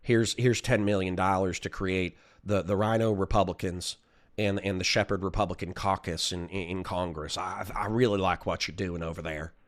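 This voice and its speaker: A man's voice: sits low, fairly even intonation, voice pushed down, close to an everyday voice. A man doing an impression of a folksy older male politician who speaks with a drawl and keeps repeating words. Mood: chummy. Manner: halting, repeats his words.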